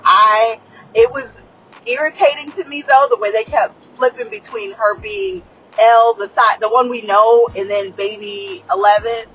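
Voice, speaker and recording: Excitable profane woman recapping a show. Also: fairly high pitch, measured pace, muffled recording, slight background noise. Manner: excitable, profane, rambling with many fillers. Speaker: show reviewer. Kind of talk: casual recap chat.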